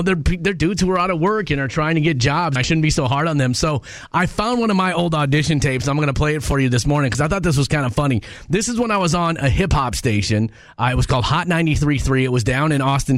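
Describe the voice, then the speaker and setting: Chatty radio host, bright voice. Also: male voice, a little high, no room sound, clean studio sound. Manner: chatty and self-deprecating. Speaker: radio morning show host. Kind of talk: casual radio chat. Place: radio studio. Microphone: studio microphone.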